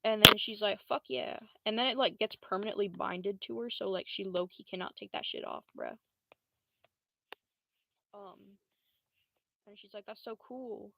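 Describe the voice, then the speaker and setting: A woman's voice: medium pitch, moderate pace, vocal fry, long pauses, no room sound, poor audio. A young woman livestreamer rambling through a story in a casual, slangy, profane way, with lots of fillers. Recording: loud steady hiss.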